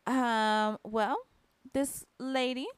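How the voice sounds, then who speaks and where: A woman co-hosting a podcast, telling a story in blunt, animated casual chat. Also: fairly high pitch, extremely slow, clean tone, dry recording. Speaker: podcast co-host.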